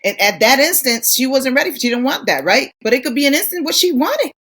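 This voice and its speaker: Middle-aged woman co-host, brash and profane, lively storyteller, casual banter. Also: sits high, a little fast. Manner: blunt, profane, animated storytelling. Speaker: podcast co-host. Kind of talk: casual chat.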